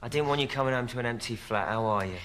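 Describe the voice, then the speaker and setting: A man's voice: mid-range voice, racing, a bit bright, slight background noise, natural voice. A man playing a caring young grandson who speaks soothingly and attentively. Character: caring young adult grandson, gentle and patient.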